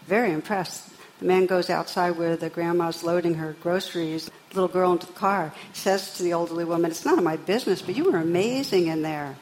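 Woman meditation teacher, calm unhurried storyteller, lowish voice, faint room ambience. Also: slight background noise, rough recording. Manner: gentle, unhurried, warmly storytelling. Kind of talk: dharma talk to a live audience.

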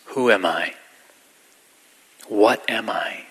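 A middle-aged man giving a gentle, reflective dharma talk as a meditation teacher, sometimes dropping to a whisper. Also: lowish voice, drawn-out words, breathy edge, low-quality recording.

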